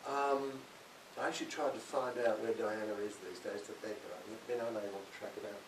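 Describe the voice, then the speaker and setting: A man's voice: on the low side, steady tone, fairly quick. An older man giving a chatty, self-mocking talk to an audience and laughing often at his own jokes. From Australia. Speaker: author speaking at a library event. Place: library hall. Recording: distant, echoey hall with hiss.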